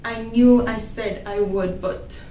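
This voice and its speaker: A woman's voice: a little high, steady tone, slow, mellow. An actress playing a weary man who pleads in hesitant prayer to his father, in a stage monologue. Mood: pleading. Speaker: drama ministry actor. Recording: echoey room, distant mic.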